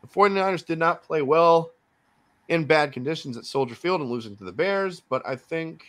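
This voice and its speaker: A man hosting a casual podcast, giving his football picks and swinging between loud remarks and muttered asides. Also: fairly high pitch, animated, moderate pace. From Miami Dolphins fan. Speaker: podcast host. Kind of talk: casual sports picks chat.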